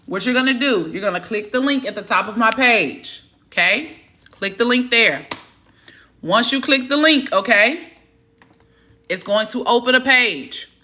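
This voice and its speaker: Woman, Southern accent, exam prep coach, live stream chat, excitable and encouraging, slightly high pitch. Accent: Southern American. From Southern United States. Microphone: phone camera.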